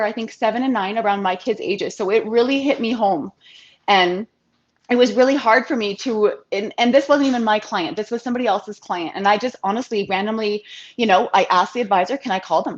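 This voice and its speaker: Heartfelt, chatty woman in her thirties. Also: medium pitch. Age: 30s. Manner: heartfelt, chatty, quotes others in lively voices. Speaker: interview guest, financial advisor. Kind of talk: casual interview storytelling. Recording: dull lo-fi sound.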